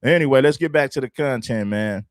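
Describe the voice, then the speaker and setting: A man's voice: medium pitch, fairly quick, slight background noise. A man hosting a livestream, talking emphatically and repeating his points like a preacher. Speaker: livestream host. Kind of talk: commentary livestream.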